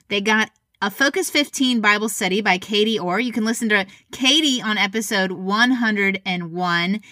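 A woman's voice: mid-range voice, sharp tone, no echo, clean studio sound. A woman hosting a faith and parenting podcast, talking in an enthusiastic, upbeat way. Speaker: podcast host.

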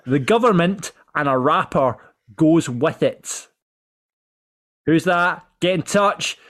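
Scottish bloke running the podcast segments, banter, higher voice. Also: male voice, lively intonation, slow pace, fairly bright tone. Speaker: podcast host. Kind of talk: casual football podcast chat.

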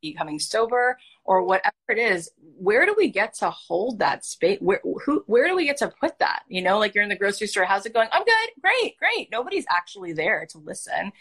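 A woman coach speaks with open, earnest feeling, her storytelling animated and heartfelt. Her voice sits in an ordinary middle register, and she talks in a casual, conversational way. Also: medium pitch, a little fast, hardly any pauses, husky. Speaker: life coach and host.

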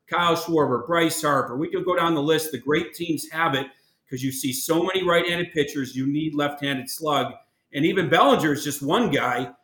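A man weighs in on players and contracts with firm opinions, his voice bright and forward. He calls in from an echoey room that rings around him. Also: fairly high pitch. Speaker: guest baseball reporter. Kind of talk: remote interview, analysis.

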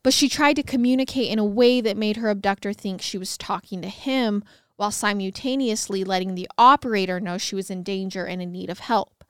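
Smooth-voiced woman telling a true-crime story. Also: mid-range voice, a little fast, dry recording, clean studio sound. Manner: conversational narration with wry asides. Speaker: podcast co-host.

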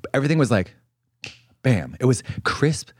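A man co-hosting a podcast in casual chat, campy and rambling, telling stories with drawn-out quotes. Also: medium pitch, very animated, dry recording. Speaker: podcast co-host.

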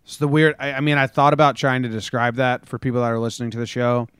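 This man co-hosts a podcast and tells his stories in a loose, rambling way, chuckling often as he chats. His medium-pitched voice is level, fast, a bit bright and smooth. The studio sound is clean with no echo.

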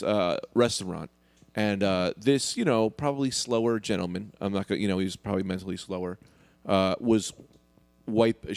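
Gravelly, fast-talking brash man. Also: on the low side, dry recording. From New York. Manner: brash, animated storyteller. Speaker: podcast co-host. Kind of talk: casual chat, storytelling.

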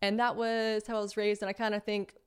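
A woman's voice: medium pitch, level tone, fairly quick, clear, resonant tone. A woman in her thirties hosting a podcast, chatting casually and rambling, with frequent laughs. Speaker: podcast host. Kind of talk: casual chat.

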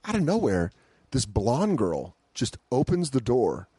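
A man telling a wild story in an excitable, animated way, acting out the voices of the people in it. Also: medium pitch, a little slow, breathy edge, no room sound. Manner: excitable, acts out voices while telling stories. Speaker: podcast guest.

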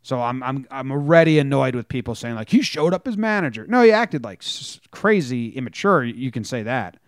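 Man, smooth clear voice, dry close sound, lively sports podcast storyteller. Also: medium pitch, moderate pace, dry recording. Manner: animated storytelling, acts out quotes. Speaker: podcast co-host. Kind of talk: casual sports chat.

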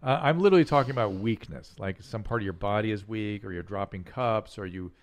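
An older man, a physician hosting a talk show, speaking in a casual, earnest way with many halting restarts as he explains and gives advice to callers. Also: on the low side. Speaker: physician podcast host. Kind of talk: casual chat and call-in advice.

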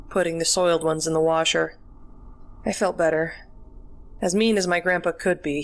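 A woman narrates a chilling first-person horror tale, reading in a measured, deliberate way. Her voice sits a little low for a woman. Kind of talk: scripted horror story narration.

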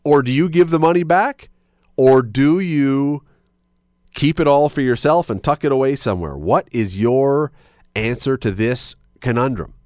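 A man's voice: medium pitch, unhurried, a little mellow, no room sound, clean studio sound. A man hosting a call-in radio show, chatty and musing aloud as he sets up a question for listeners. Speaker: radio talk show host. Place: radio studio. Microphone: studio mic.

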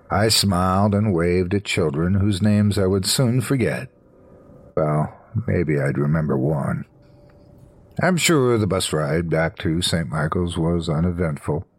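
A man narrating a scripted horror story in a slow, low, hushed storytelling manner. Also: breathy edge, dry recording.

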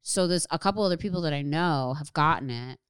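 A woman's voice: low voice, fast, clear, resonant tone, no room sound, clean studio sound. A young adult woman co-hosting a podcast, chatting casually, swearing freely and acting out what people said. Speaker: podcast co-host. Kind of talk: casual chat.

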